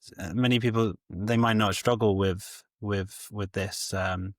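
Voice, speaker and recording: A man hosting an interview, thinking aloud as he reflects on a guest's story, halting and restarting often. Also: on the low side, fairly even intonation, dry recording, clean studio sound. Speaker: podcast host. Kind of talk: casual interview chat.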